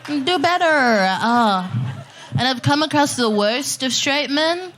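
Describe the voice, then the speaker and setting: A woman's voice: high voice, lively intonation, slow, music in the background. A woman performing a brash, rowdy live stand-up comedy set on a festival stage. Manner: brash, rowdy, punchy delivery.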